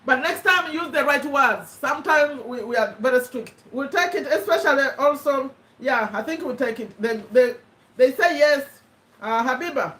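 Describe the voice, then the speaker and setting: A high-pitched woman hosts a casual live-stream quiz, reading out viewers' names and ruling on their answers. Her voice sits away from the mic. It carries a roomy echo. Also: expressive, normal speed, fairly bright tone, distant mic. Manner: chatty, reads out viewer names and answers, checks and rules on them. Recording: echoey room, voice away from the mic.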